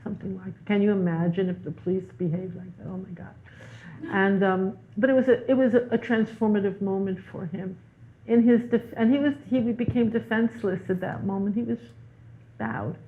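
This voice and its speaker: A woman's voice: medium pitch, a little fast, slight background noise. Woman telling stories over a tinny line. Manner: animated storyteller, repeats words for emphasis. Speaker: guest teacher. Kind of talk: spiritual conversation.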